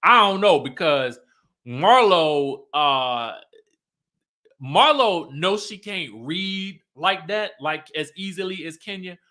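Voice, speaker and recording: A man hosting a livestream recap of a reality show, sassy and animated, laughing often and talking straight to his viewers. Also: high voice, slow pace. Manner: talks straight to viewers, reads their comments aloud.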